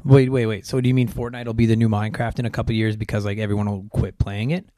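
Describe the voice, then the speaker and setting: A man's voice: on the low side, level tone, fast, mellow, no echo, studio quality. A man hosting a podcast, chatting casually and rambling with lots of filler words. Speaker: podcast host. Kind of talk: casual chat.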